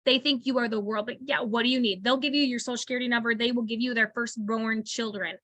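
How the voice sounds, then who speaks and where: A woman coaching on a video call, chatty and animated, often acting out what to say on the phone. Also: fairly high pitch, fast talker, no echo. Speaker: sales coach.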